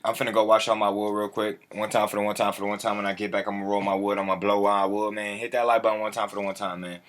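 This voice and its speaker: A man's voice: fairly low pitch, level tone, fast, noisy background. A man chatting casually on a livestream, full of slang, repeating his catchphrases and calling out his viewers by name.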